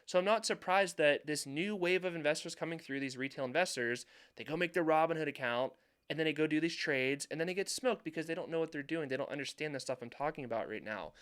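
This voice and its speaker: A man's voice: fairly high pitch, fast, fairly bright tone, clean tone. A young adult man giving market commentary over charts, emphatic and repeating points for stress. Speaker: finance YouTuber.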